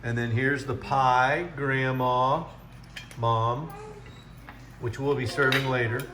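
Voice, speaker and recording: A man's voice: mid-range voice, fairly even intonation, slow, pushed and bright, a little hiss or hum. An older man narrating a casual home video from his kitchen, chatty and proudly playful as he shows off his cooking. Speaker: family cook filming a holiday video. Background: frying sizzle.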